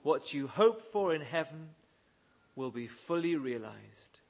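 A man's voice: on the high side, sing-song, slow pace, creaky. A man preaching a sermon, reading scripture verses aloud and pressing his listeners with earnest questions. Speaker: pastor.

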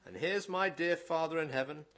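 A man voicing a rugged old Cornish miner and preacher, reading his tale aloud in a put-on Cornish accent with loud, rustic dialect. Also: on the high side, moderate pace, pitched above the performer's own voice, close to an everyday voice. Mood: defiant, rousing. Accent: attempted Cornish. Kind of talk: dramatic reading in a sermon.

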